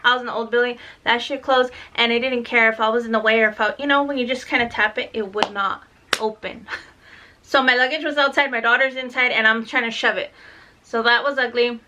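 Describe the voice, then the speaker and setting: Bright-voiced tired mom telling a story. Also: female voice, fairly high pitch, steady tone, fairly quick. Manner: rambling, swears, acts out dialogue. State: tired, lightheaded. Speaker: mother vlogging about her daughter. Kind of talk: casual storytelling vlog.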